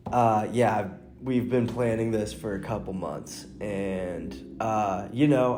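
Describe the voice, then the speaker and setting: A man in a relaxed solo podcast chat. He talks slowly, wanders from thought to thought, and breaks off sentences with small chuckles. His fairly low, mellow voice rings in a roomy, echoing space. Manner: rambling, restarts sentences, chuckles. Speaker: podcast host and stand-up comic. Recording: roomy echo.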